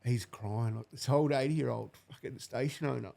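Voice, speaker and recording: A man's voice: medium pitch, normal speed, vocal fry, dark tone. A man in his forties from New Zealand, a podcast guest telling a painful personal story bluntly and with heavy swearing. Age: 40s. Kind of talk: emotional personal account.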